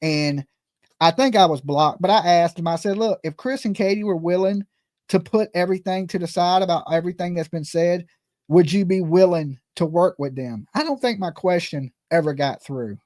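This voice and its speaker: A man's voice: sits high, moderate pace, a little mellow, dry recording, studio quality. A man hosting a true-crime livestream, talking in a casual, rambling and earnest way and often repeating himself.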